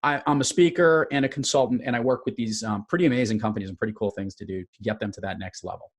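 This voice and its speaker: A man's voice: lowish voice, fast. A man being interviewed as a guest, upbeat and enthusiastic as he explains his work. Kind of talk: interview conversation.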